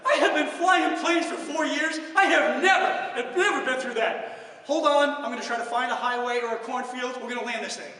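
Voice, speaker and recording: A man's voice: very high-pitched, brisk, hardly any pauses, pushed and bright, voice pushed up, full character voice. A man voicing a young, nervous male airline pilot who talks frantically over the intercom. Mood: panicked. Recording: echoey hall, from far off.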